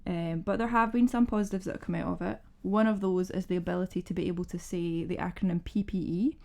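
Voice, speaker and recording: A woman, a scientist co-hosting a film review podcast, talking in a casual, wry and lively way. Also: lowish voice, fast, vocal fry. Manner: animated, wry, swears for effect.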